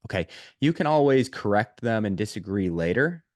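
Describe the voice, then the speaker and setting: A man with a fairly low voice delivers a sales prospecting lesson straight to camera. He talks emphatically, stacking repeated words for stress and filling gaps with "uh" and "um". The sound is dry and close, with no room echo. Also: expressive, normal speed, a little mellow. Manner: emphatic, repeats key points, frequent "uh" and "um". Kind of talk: instructional video lesson.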